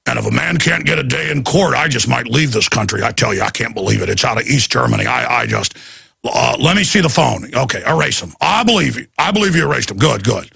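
A man putting on the voice of a gruff, angry middle-aged man who mutters clipped complaints in a low gravelly grumble. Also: animated, fast, bright, forceful tone, no echo, clean studio sound, exaggerated voice. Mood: grumbling.

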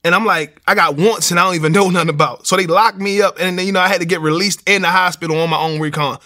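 A man telling his personal testimony in an animated street style, acting out the voices. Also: high voice, fast. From Baltimore, USA. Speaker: speaker giving a testimony.

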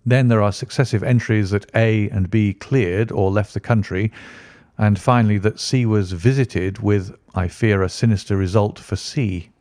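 A man's voice: fairly low pitch, steady tone, darkish tone, no room sound, clean studio sound, natural voice. A man voicing a precise, brooding Victorian detective. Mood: explaining. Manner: precise, measured deduction. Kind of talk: audiobook character reading.

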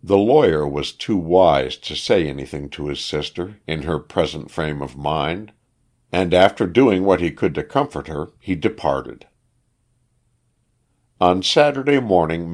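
Deep, slow male audiobook narrator. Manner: expressive storytelling, unhurried.

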